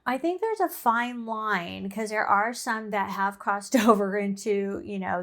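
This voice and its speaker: A woman's voice: mid-range voice, a bit bright. Chatty woman podcast co-host. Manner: chatty, reacts with laughs and quick interjections. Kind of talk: casual chat.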